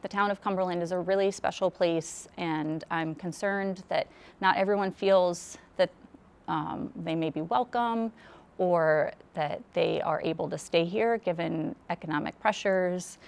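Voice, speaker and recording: A woman giving a measured, sincere candidate statement for town council. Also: fairly low pitch, vocal fry.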